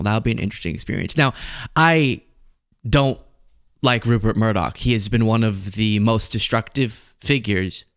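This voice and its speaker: A man with a Texan accent hosting a casual political commentary show, sarcastic and animated, laughing at his own points. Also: lowish voice, smooth, dry recording, studio quality.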